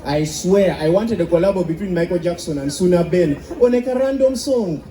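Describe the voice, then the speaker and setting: A man from Uganda with a Ugandan English accent, doing stand-up comedy with animated storytelling. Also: sits high, a little fast, reverberant, crowd noise, noisy background. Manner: animated storytelling with sung bits.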